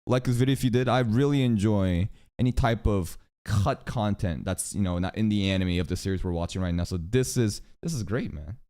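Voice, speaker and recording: A man's voice: fairly low pitch, a little fast, few pauses, mellow. A man hosting a casual reaction livestream, swearing freely as he jokes and chats with his viewers.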